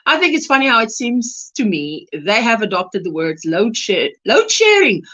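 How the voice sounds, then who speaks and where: A woman's voice: on the high side, big pitch swings, moderate pace, pushed and bright, low-quality recording. A South African woman hosting a crochet livestream, chatting casually and reading out and greeting viewers' comments by name.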